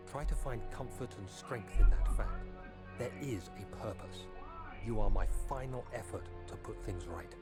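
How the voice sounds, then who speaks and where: A man's voice: on the low side, lightly acted. A man voicing a haunted young man in a game, speaking a grave, urgent message to himself. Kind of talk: game voice-over. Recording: music playing under the voice.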